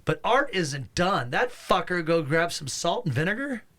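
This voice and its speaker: Bright-voiced man in animated casual chat. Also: sits high, moderate pace. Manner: animated, rambling with many fillers and restarts. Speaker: podcast co-host. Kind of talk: casual chat reviewing a horror film.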